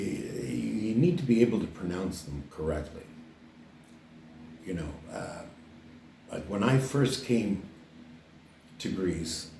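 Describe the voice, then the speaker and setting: This is an older man from Canada chatting about his book at an unhurried pace, circling back with frequent fillers and restarts. His voice sits somewhat low. The recording picks him up from a distance in a reverberant room. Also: vocal fry, mellow, a little hiss or hum. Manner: rambling, many fillers and restarts. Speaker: author presenting his book. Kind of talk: casual to-camera talk. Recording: roomy echo, distant mic.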